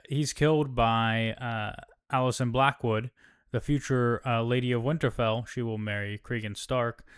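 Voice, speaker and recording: With a clean, mid-range voice, this man casually recaps a TV episode as a host, wandering off track, cursing, and filling his speech with ums and fillers.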